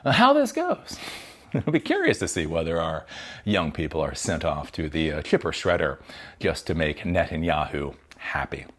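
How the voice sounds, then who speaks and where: A man hosting his own channel, delivering a heated, profane, sarcastic commentary rant to camera. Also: low-pitched. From United States. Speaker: tech channel host giving commentary.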